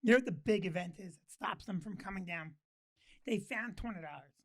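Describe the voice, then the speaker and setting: A man's voice: sits high, brisk. An older man co-hosting a casual talk show, telling stories in a blunt, joking way. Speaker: co-host. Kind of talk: casual chat.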